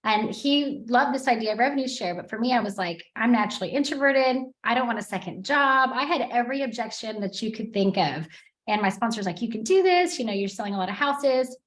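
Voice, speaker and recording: Woman, guest on a call, chatty storytelling, slightly high voice, roomy sound. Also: fairly quick, a bit bright. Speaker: guest, real estate team leader. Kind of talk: video call interview.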